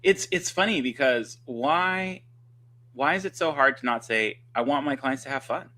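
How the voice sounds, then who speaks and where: A man speaking as a guest dog trainer on a livestream, telling stories in an animated, conversational way with quick restarts. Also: medium pitch. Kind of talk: casual conversation. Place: livestream video call.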